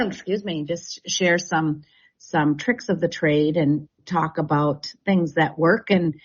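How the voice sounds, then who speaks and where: A chatty woman tells stories and laughs often as a guest on a radio show. Her voice sits somewhat low, and the broadcast has a dull, muffled sound. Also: slow pace, breathy edge. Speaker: real estate agent and radio show guest. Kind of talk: casual radio chat.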